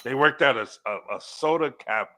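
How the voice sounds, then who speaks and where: A man in his forties chats loosely on a trivia livestream, teasing his co-host and rambling with restarts. His voice is bright and forward, at a middle pitch for a man. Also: moderate pace. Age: 40s. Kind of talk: casual chat on a trivia livestream.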